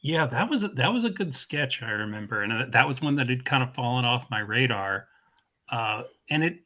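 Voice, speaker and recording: A man co-hosting a casual podcast, thinking out loud about comedy writing. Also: medium pitch. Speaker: podcast co-host. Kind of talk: casual chat.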